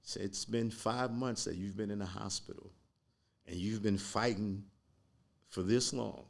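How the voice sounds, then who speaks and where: A man with a low, gravelly voice tells a personal story as a podcast guest. He speaks slowly and earnestly, taking his time over each part. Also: steady tone.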